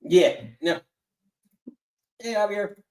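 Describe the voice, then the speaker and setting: A man's voice: high voice, takes it slowly, darkish tone. A man hosting a live wrestling call-in show, answering in a laid-back way with short replies. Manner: laid-back, brief replies, welcomes callers. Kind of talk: casual chat.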